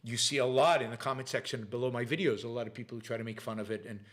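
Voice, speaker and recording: Hosting a relaxed question-and-answer show, this accented man speaks very fast in a steady, slightly bright, medium-pitched voice. He reads out viewers' questions and responds with plenty of fillers and false starts.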